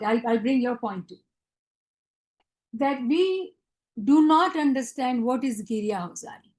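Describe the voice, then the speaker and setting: A woman's voice: a little high, a little mellow, poor audio. A woman leading a devotional teaching session. She asks her listeners questions and answers them herself, slipping into Gujarati and Hindi phrases.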